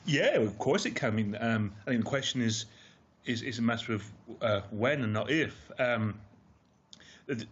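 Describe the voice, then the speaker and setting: A man, a football pundit on a radio phone-in, speaking in a measured way with fillers. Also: mid-range voice, expressive, slightly rough, muffled recording.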